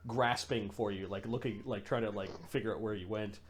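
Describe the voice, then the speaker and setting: A man's voice: on the low side, steady tone, fairly quick, slight background noise. Laid-back male game master. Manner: descriptive, loose, laughing narration. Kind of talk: running a tabletop game.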